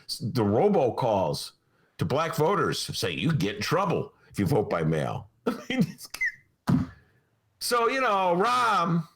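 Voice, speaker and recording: Male podcast host, higher voice, lively mocking delivery, quick laughs. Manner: animated, mocking, laughs often. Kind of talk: political talk show chat.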